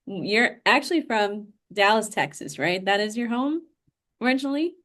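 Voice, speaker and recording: A woman's voice: mid-range voice, lively intonation, moderate pace, fairly bright tone. Female interviewer, chatty and eager, mid-range voice. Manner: enthusiastic, chatty. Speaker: interview host. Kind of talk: casual interview chat.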